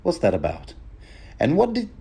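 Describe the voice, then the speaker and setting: A man's voice: fairly high pitch, huge pitch swings, normal speed, creaky, warm tone, breathy edge, voice pushed up, full character voice. A man voicing a naive, vain teenage girl who daydreams aloud and wonders to herself. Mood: wondering. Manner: dreamy, wondering, self-questioning.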